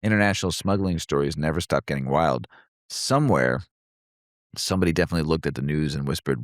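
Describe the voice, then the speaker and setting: A middle-aged man with a very deep voice reads news items aloud and tags each with a wisecrack. The mic is close and dry, with no room sound, and his delivery stays loose and jokey. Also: fast, dry recording. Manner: reads headlines then cracks jokes, laughs easily. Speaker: podcast co-host. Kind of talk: casual news rundown with jokes.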